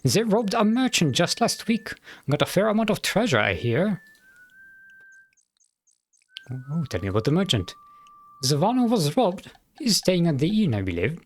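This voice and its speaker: A weary, philosophical town sheriff, put on by a man with a mock German accent, pitched up well above a normal speaking voice. He hands out advice in a friendly, musing way, and his pitch moves a lot as he talks. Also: sing-song, moderate pace. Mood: informative. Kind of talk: reading game dialogue aloud.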